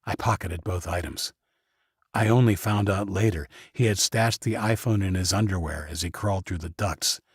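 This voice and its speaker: Low, husky man for first-person audiobook narration, dry booth sound. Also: normal speed, no room sound.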